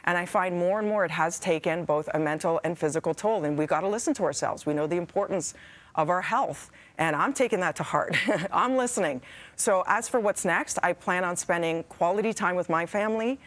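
In a TV studio, a woman co-host of a morning show says an emotional on-air farewell to her viewers, warm and heartfelt as she fights back tears. Her voice sits on the low side and her delivery is brisk.

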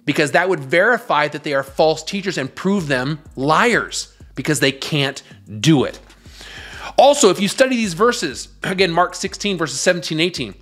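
A man's voice: on the high side, a bit bright. A man hosting his own show, giving emphatic, scornful commentary in a preaching style. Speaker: host.

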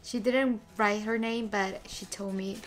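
A woman's voice: medium pitch, steady tone, a little slow, faint music behind. A woman in her twenties talking to camera in a casual vlog, chatty and emotional, gushing with thanks. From moved to the US as a teen. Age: 20s. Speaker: vlogger.

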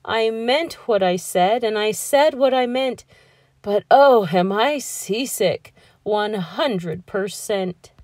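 A woman voicing a faithful, gentle male elephant in a storybook read-aloud, speaking in a steady, earnest way. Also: mid-range voice, takes it slowly, dry recording, clean studio sound, lightly acted.

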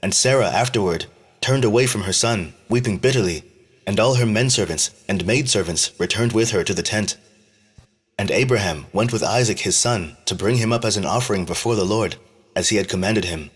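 A man reading an ancient religious text aloud at a steady, measured pace. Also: on the low side, slightly rough. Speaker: scripture reader.

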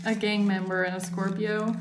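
A woman reads tarot cards for her viewers in a lively, repetitive way, and her voice leaps up high when she gets excited. She sounds like she is in a roomy space. Music plays clearly behind her. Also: normal speed. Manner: excitable, repeats herself, rising to squeals. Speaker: tarot reader. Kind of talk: tarot reading monologue.

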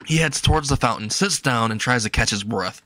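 A man's voice: mid-range voice, brisk, sharp tone, no room sound. A man casually narrating a fan story, chuckling at his own jokes with loose, rambling phrasing. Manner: casual, laughs at own jokes, repetitive fillers.

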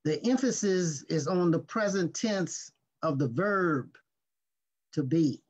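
A male pastor reading scripture and teaching in a slow, deliberate sermon, leaning on key words. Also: a little high, lively intonation, slightly rough. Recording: dull lo-fi recording.

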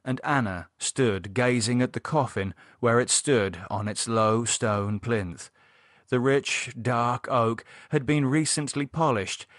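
A man's voice: lowish voice, dry recording. Man narrating a horror novel, dry. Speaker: audiobook narrator. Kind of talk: scripted narration.

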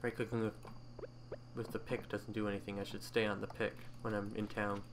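A man's voice: on the low side, little pitch movement, brisk, noisy background. A man hosting his own gaming channel, chatting casually and thinking aloud as he plays, with faint game music underneath. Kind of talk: casual gameplay commentary.

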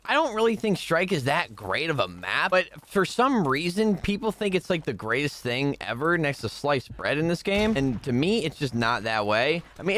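A young man commentating his own gameplay to viewers, chatting casually and bursting into loud yells when things go wrong. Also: mid-range voice, a little hiss or hum. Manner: talks to viewers, bursts into yelling rage at deaths. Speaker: gaming streamer. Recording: faint gunfire behind.

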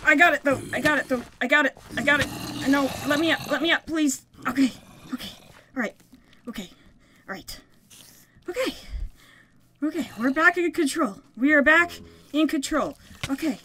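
A woman giving excitable, yelping play-by-play commentary on a survival game session, often laughing at her own bad plan. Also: sits high, normal speed, pauses often, a little hiss or hum. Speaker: gaming video creator. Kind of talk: Minecraft let's play commentary.

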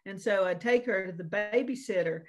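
A woman's voice: mid-range voice, moderate pace. Folksy woman co-host. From Virginia / North Carolina. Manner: folksy storytelling with many fillers. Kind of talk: casual chat.

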